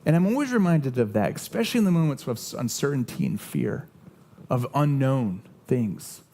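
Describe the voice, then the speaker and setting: A man's voice: mid-range voice, dark tone. Earnest conversational male pastor. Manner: earnest, conversational preaching with personal stories and many restarts. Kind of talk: sermon. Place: church sanctuary.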